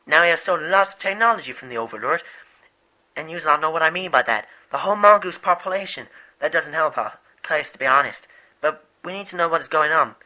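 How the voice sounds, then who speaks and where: A man voicing an earnest male rebel volunteer leader in an amateur animated movie, rambling and stumbling over his words. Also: on the high side, rough recording.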